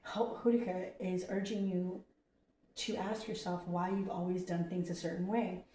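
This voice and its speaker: A woman's voice: on the low side, level tone, moderate pace, mellow. A woman hosting a casual card-reading stream who chats, laughs and swears between readings. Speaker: host reading oracle cards. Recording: roomy, distant from the mic with faint noise.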